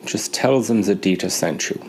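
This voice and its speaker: A man's voice: fairly low pitch, slight background noise, lightly acted. A man doing an eccentric German mechanic. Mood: commanding. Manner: slow, heavy, emphatic enunciation. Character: eccentric German mechanic man, gruff, fond of beer and cigarettes.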